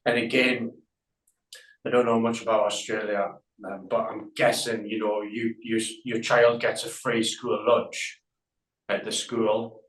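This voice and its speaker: A man who is a guest tattoo artist, talking in a measured, reflective way in an interview over a video call. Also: fairly low pitch, level tone, a bit bright, echoey room, poor audio. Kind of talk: conversational interview.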